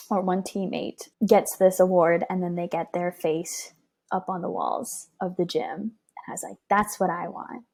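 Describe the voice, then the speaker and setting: Husky young woman telling a story. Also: on the low side. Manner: lively, acts out quoted dialogue. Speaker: guest. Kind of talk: personal storytelling.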